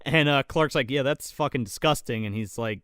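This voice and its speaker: A man's voice: mid-range voice, normal speed, clean tone, dry recording, studio quality. A man co-hosting a casual movie review chat, swearing freely and acting out lines from the film. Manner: profane, animated, acts out quotes. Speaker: podcast co-host.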